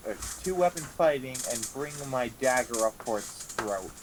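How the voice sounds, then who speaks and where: A player in a tabletop game, hesitant and thinking out loud. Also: medium pitch, lively intonation, moderate pace, noisy background. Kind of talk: casual tabletop play.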